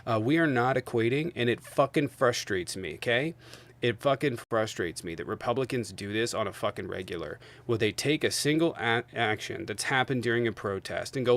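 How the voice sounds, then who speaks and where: Male streamer, mid-pitched, rants with lots of cursing, loud spikes, then chats viewers. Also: brisk. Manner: angry, profane ranting; loud bursts while venting. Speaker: livestream host. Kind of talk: heated political debate stream.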